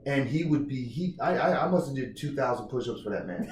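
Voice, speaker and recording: A man being interviewed about his book, telling stories in a lively, halting way and acting out what others said. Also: mid-range voice. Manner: animated, restarts often, acts out quotes. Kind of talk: casual interview storytelling. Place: indoor room. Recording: roomy, distant mic, faint ambience.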